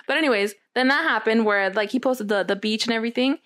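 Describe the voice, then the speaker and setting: A young woman casually telling a long personal story, acting out what was said with lively quoting. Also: on the high side, brisk, no room sound, clean studio sound. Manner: animated storytelling, acts out quotes. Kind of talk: casual chat.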